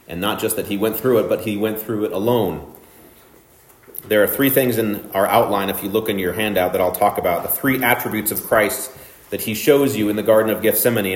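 A man preaching a sermon, walking through a passage with measured, emphatic phrasing. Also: fairly low pitch, roomy sound, a little hiss or hum. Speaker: pastor.

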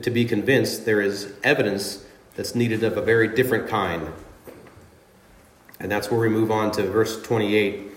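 A man's voice: fairly low pitch, reverberant. A man preaching a sermon as pastor, speaking earnestly and emphatically, with dramatic readings of scripture. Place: church sanctuary.

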